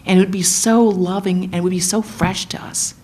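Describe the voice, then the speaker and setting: A woman giving a sermon, retelling an epic as animated storytelling and acting out the quotes. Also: on the low side, a little fast. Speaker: guest speaker, monastic.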